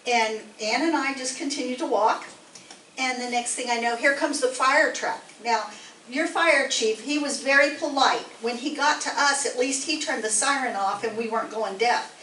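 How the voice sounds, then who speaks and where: A woman's voice: high-pitched, normal speed, fairly bright tone. Chatty woman in her sixties, echoey hall. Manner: chatty, rambling storyteller. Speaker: meeting attendee telling a story. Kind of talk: casual anecdote to a group. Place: meeting hall. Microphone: distant room mic. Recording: echoey hall, distant mic, faint noise.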